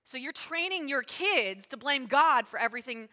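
A woman pastor preaching a sermon, talking fast and emphatically and calling out to her congregation. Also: high voice, animated, pushed and bright. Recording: long hall reverb.

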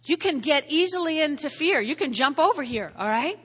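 Woman pastor, high-pitched and bright, conversational sermon with frequent "all right?" check-ins, long reverb. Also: animated, moderate pace. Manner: repeats key phrases for emphasis. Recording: long reverb of a large hall.

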